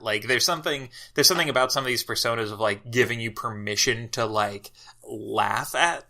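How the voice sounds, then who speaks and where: Man, podcast guest, reflective, halting delivery, bright clear tone. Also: medium pitch. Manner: hesitant, lots of filler words, reflective. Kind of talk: casual discussion.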